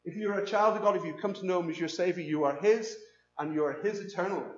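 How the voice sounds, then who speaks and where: A man preaching with a high, earnest voice that repeats key phrases for emphasis. His sermon rings through a large echoing church, and the recording sounds somewhat dull and lo-fi. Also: quick pace. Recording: echoey, dull lo-fi room recording.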